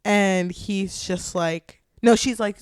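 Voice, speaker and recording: A woman's voice: mid-range voice, slow pace, clear, resonant tone, no echo, studio quality. Young woman in casual book chat. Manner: retells scenes with acted quotes, laughs often. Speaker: podcast co-host.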